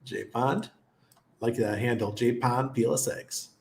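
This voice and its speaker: A man's voice: medium pitch, measured pace, gravelly, a little mellow, echoey room. A middle-aged man hosting a casual livestream chat who laughs often and greets viewers by name. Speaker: livestream host.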